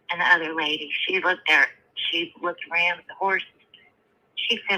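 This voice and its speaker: A woman calling in to a live show, slowly telling a long joke in a drawling storyteller way. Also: fairly low pitch, sharp tone. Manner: slow drawling storyteller, laughs at her own joke. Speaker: caller. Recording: tinny phone line.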